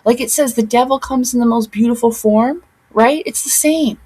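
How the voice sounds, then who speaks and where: A woman records a casual commentary vlog in a slightly raised, breathy voice. She talks in an earnest, insistent way and circles back on her own phrases to press a point home. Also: a little high, normal speed, darkish tone, low-quality recording. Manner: earnest, insistent, repeats herself for emphasis. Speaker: commentary channel host.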